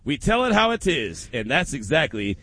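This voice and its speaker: A man's voice: on the high side, very animated, moderate pace, a bit bright. A male radio host telling a story in casual chat, a little out of breath and laughing often as he talks.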